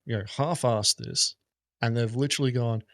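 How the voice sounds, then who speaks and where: A man's voice: mid-range voice, moderate pace, dry recording, clean studio sound. A man, a gaming content creator, rambling and swearing in a casual podcast chat. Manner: rambling, profane, animated.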